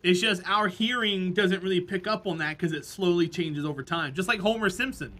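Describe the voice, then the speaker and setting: High-voiced man chatting on stream. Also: fairly quick, bright, forceful tone. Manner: rambling, chatty, laughs easily. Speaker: game streamer. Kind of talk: casual live-stream chat while gaming.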